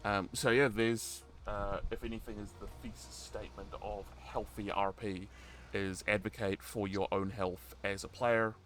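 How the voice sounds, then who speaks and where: A man in his thirties leads a relaxed interview with a fairly low voice. He tells stories animatedly, cracking jokes and laughing along the way. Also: normal speed, soft background music. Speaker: podcast host and roleplay community admin. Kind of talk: casual conversational interview.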